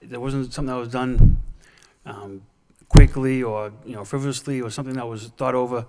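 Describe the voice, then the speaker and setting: A man's voice: medium pitch, steady tone, brisk, warm tone. A male councilor laying out costs and plans in a plain, businesslike manner, with frequent ums. His voice carries a long reverb from the council hall. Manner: businesslike, filler-heavy, plain talk. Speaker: public safety subcommittee chairman. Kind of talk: council presentation. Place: council chamber.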